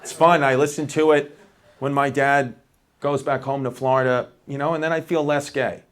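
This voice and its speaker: A man's voice: mid-range voice, level tone, moderate pace. A male stand-up comedian doing rambling, self-mocking crowd work on a club stage. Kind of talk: stand-up set. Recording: audience laughter throughout.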